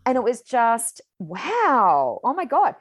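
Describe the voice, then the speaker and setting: A woman hosting a casual chat, energetic and chatty, often saying "like" and "oh my God.". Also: a little high, slow, no echo.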